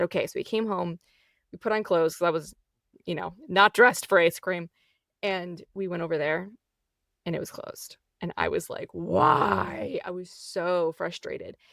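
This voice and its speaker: A woman in her thirties talks through a personal story on her solo podcast. She is candid and emotional, chatty and loose, dropping "like" and "y'all" as she goes. Her voice carries a gravelly edge, recorded close and dry. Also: lowish voice, fairly bright tone, no room sound. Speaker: podcast host.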